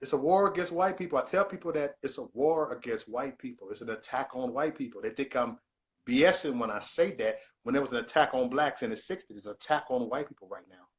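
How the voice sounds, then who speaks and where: A man's voice: medium pitch, fast talker. A man hosting a casual livestream, talking in an emphatic, repetitive, preachy way. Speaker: livestream host.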